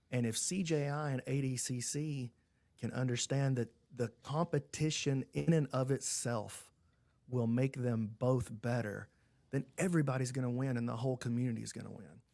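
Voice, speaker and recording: A man's voice: mid-range voice, gravelly, darkish tone, dry recording. A man talking as a podcast guest in casual chat, earnest and fired up about the sport.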